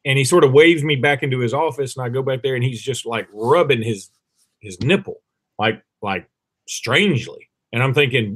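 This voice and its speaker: A man's voice: mid-range voice, moderate pace, slightly rough. A man co-hosting a podcast, telling a funny story in casual chat and acting out the voices of the people in it. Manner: animated, laughing storyteller who acts out voices. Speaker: podcast co-host.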